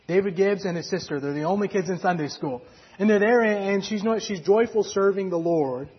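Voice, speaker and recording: A man's voice: fairly high pitch, breathy edge, highs cut off. A man preaching, retelling a story in a conversational way with fillers and acted quotes. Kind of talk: sermon storytelling.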